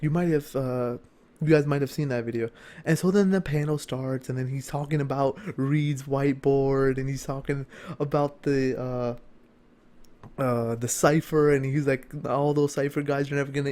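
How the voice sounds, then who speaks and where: A young man, a gaming YouTuber, telling an animated story in a casual vlog, fast and full of swearing, with bursts of shouted excitement. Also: mid-range voice.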